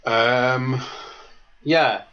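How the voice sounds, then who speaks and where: A man co-hosting a podcast in casual football chat, animated and jokey, rambling from point to point. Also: mid-range voice, extremely slow, lo-fi sound. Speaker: podcast co-host.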